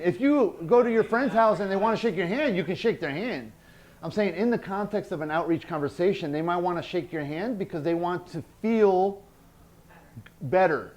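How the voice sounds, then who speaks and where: A man's voice: sits high, a little mellow. A man teaching a workshop, blunt and emphatic, repeating his key points. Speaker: workshop instructor.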